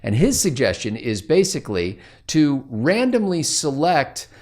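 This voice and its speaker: A man's voice: mid-range voice, sing-song, a little slow, darkish tone. A man co-hosting a casual planning meeting, telling stories in a wry, rambling way. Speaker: co-host.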